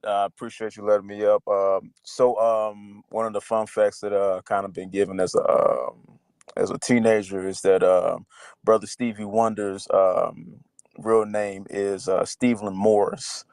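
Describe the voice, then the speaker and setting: A male caller with a low voice speaks hesitantly and fills the gaps with many ums and uhs. The sound is dry and close. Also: flat delivery, measured pace, darkish tone, smooth, dry recording. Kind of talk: call-in conversation.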